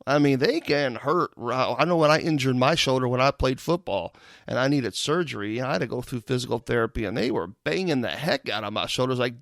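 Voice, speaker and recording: A man hosting a live show, reading listener comments aloud and reacting with loud exclamations. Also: mid-range voice, lively intonation, fairly quick, creaky, no echo, studio quality. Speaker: host.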